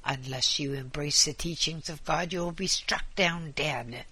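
A man's voice: fairly high pitch, a little slow, pushed and bright, husky, exaggerated voice. A man reading aloud, voicing an angry, pompous male priest who preaches and threatens in a storybook reading. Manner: indignant, preaching.

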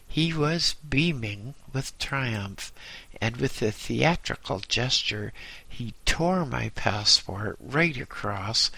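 A man reading a first-person story aloud in a slow, measured way. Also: mid-range voice, gravelly, bright, forceful tone, no room sound, poor audio. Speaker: narrator.

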